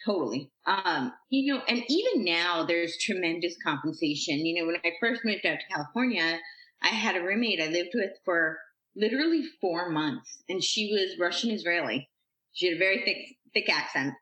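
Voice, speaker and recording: A woman guest on a podcast, telling stories from her life in a chatty, animated way, acting out what people said. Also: fairly low pitch, moderate pace. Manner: chatty, animated, uses "like" a lot and acts out quotes. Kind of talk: casual storytelling interview. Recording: echoey room, slightly dull sound.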